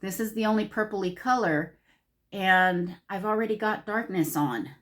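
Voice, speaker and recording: Her voice is medium in pitch and her speed is normal. As a Los Angeles beauty vlogger running a casual makeup tutorial, she gushes and chats to herself while putting her makeup on.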